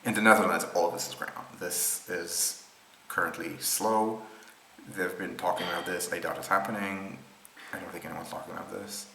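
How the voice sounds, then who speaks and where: A man's voice: deep voice, steady tone, normal speed, pushed and bright, a little hiss or hum. A man from Israel presenting rail maps in an unscripted screen-share explainer, thinking aloud with many ums and restarts. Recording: roomy echo with faint ambience.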